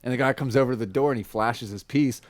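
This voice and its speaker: A man's voice: mid-range voice, fast, no echo. A man co-hosting a casual podcast, telling stories with lots of swearing. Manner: animated storytelling, swearing. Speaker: podcast co-host. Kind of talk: casual chat.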